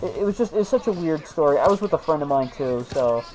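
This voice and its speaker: Casting: chatty let's-play host, rambling storyteller, mid-pitched, faint game music underneath. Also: lively intonation, fast, a little mellow, rough recording. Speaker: gaming video host. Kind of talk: casual let's-play commentary.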